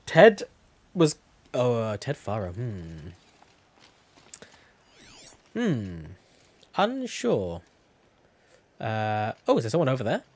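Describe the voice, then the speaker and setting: A man's voice: mid-range voice, wildly swooping pitch, takes it slowly, pauses often. A young man chatting casually while streaming a game, rambling and correcting himself as he goes. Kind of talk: casual gameplay commentary.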